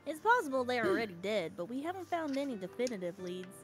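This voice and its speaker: A woman voicing a calm adult male investigator in a game, with an attempted Southern American accent and an earnest drawl. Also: on the high side, fast talker, over music. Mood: serious. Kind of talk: voicing a game character on a stream.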